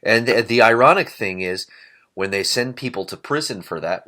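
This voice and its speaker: A man with a very low voice co-hosts a podcast. He rambles in a casual way and slips sarcastic jokes into his asides. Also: lively intonation, normal speed, pushed and bright. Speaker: podcast co-host.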